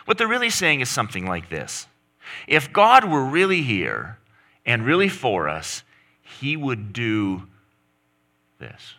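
A middle-aged pastor preaches a sermon with emphasis, pushing his voice up and down to stress his points. His mid-range voice swoops wildly in pitch, sounding bright and forceful at a normal speed.

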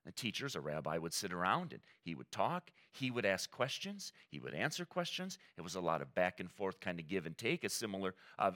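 Animated, bright-voiced male preacher. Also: lowish voice. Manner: animated, conversational preaching with quoted asides. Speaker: pastor. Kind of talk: sermon.

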